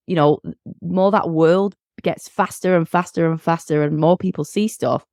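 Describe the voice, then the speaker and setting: A woman in her forties from the United Kingdom, a guest speaking in casual conversation, animated and acting out quoted dialogue. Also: on the low side, dry recording, studio quality. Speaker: guest, coach and podcaster.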